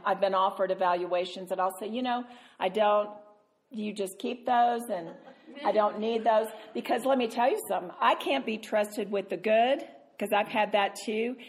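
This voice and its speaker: A woman Christian speaker telling a self-mocking story, animated and laughing often. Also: mid-range voice. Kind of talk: storytelling talk.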